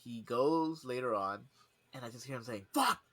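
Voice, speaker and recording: Casual podcast chat from a young man who co-hosts the show, his voice medium in pitch and his speed normal. An animated storyteller, he swears liberally and acts out quotes.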